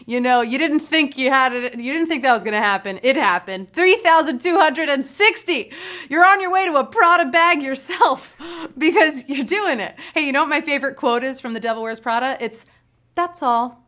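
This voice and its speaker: A woman's voice: sits high, a little fast, pushed and bright. A woman hosting a live game show, playful and jokey, hyping up the winners and teasing the players.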